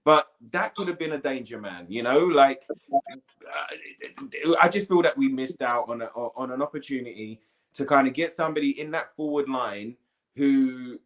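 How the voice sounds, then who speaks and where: A man's voice: medium pitch, animated, moderate pace. A man giving his views as a guest in a casual football podcast chat, rambling and often checking that the others follow him. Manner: rambling, keeps asking "do you know what I mean". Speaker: pundit guest.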